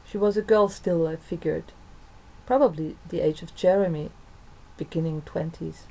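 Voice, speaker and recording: Soft, mellow-voiced woman reading a story. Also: deep voice, normal speed, vocal fry, low-quality recording. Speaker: narrator and author. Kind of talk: reading her own story aloud.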